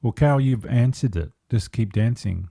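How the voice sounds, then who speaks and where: A man's voice: medium pitch, moderate pace, vocal fry, warm tone, breathy edge, dry recording. A man speaking as an empowerment coach in a podcast interview, earnest and reflective, taking his time over his thoughts.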